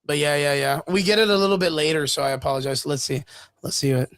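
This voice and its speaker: A man's voice: fairly high pitch, fairly even intonation, quick pace, a bit bright, no room sound. A man co-hosting a casual streamed chat show, joking loosely and swearing, with lots of "dude" and "bro". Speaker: podcast co-host. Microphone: streaming mic.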